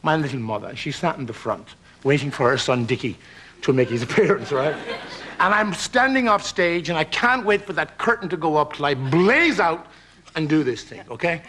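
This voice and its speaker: A man with an Irish accent, a talk show guest from Ireland, telling a story in an animated, theatrical way and laughing through his words. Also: fairly high pitch, normal speed. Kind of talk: lively anecdote on a talk show. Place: television studio with audience.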